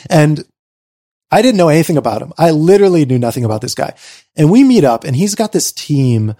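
A middle-aged man telling a lively story in a casual conversation, acting out quotes and saying "like" a lot. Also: a little fast. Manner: animated, acts out quotes in a high voice, many "like"s. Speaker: guest.

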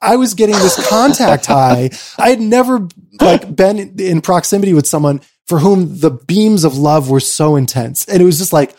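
A middle-aged man with a slightly high, lively voice spins an anecdote in casual conversation. He fills his sentences with "like" and jumps into quoted voices. His delivery rises and falls a lot as he talks. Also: normal speed. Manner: animated, acts out quotes in a high voice, many "like"s. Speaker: guest.

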